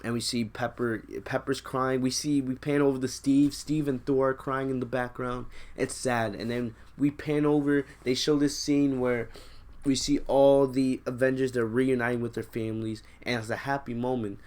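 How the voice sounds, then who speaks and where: Excited young man recapping a film. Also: medium pitch, normal speed. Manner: excited, rambling retelling with many restarts. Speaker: YouTube host.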